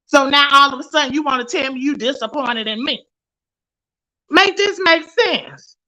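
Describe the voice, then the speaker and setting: High-pitched woman vlogger, fired up, cussing out a rival. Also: moderate pace, pushed and bright, poor audio. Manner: profane, confrontational. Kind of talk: heated rant.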